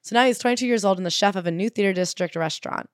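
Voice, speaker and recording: A woman co-hosting a casual book chat, gossipy and animated, reading quotes aloud. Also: mid-range voice, racing, no room sound, clean studio sound. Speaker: podcast co-host.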